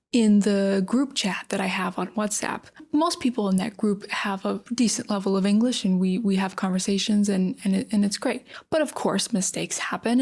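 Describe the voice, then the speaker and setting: A woman's voice: medium pitch, darkish tone. A young adult American woman hosts a casual English lesson podcast. She talks in a chatty, emphatic way, full of everyday fillers. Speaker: English teacher.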